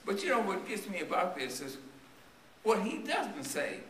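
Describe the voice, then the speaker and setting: A man's voice: high voice, big pitch swings, normal speed, fairly bright tone, a little hiss or hum. A man preaching a storytelling sermon to his congregation, his voice strained and tiring, asking the people questions as he goes. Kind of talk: church sermon. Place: church sanctuary. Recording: echoey church recorded from a distance.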